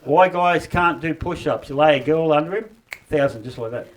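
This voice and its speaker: A man's voice: on the high side, moderate pace. An Australian man doing a stand-up comedy set at a live gig, firing off crude, punchy one-liners in laid-back slang. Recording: distant, roomy, noisy live recording.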